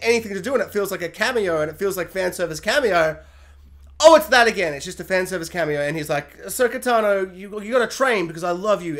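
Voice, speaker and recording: A young man with a notably high speaking voice, giving a casual review rant. He is animated and jokey, and he acts out quotes in even higher excited voices.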